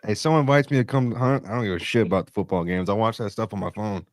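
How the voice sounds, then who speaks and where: A man co-hosting a podcast, blunt and quick to swear as he chats and puts questions to the guest. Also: fairly low pitch, no echo, clean studio sound. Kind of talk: casual chat.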